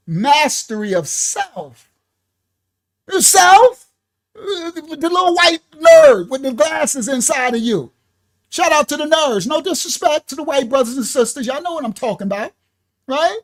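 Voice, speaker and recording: A woman from New York preaching a spiritual teaching, laughing often, calling out to listeners by name and slowing down to stress key words. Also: high-pitched, lively intonation. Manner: slows down to stress single words. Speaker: minister. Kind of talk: livestreamed sermon teaching.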